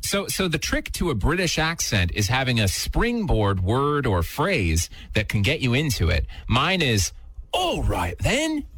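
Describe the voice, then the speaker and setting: A woman's voice: a bass voice, sing-song, unhurried, hardly any pauses, slightly rough, no room sound. A woman hosting a rock radio show, teasing her co-host with dry jokes. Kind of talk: playful radio banter.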